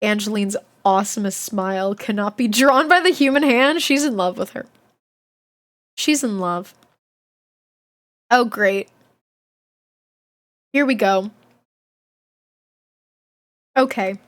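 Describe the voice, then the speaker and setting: A woman's voice: mid-range voice, animated, slow pace, long pauses. A woman streaming a read-aloud of a children's book, breaking off for chatty, laughing asides. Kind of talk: livestream read-along with chat asides.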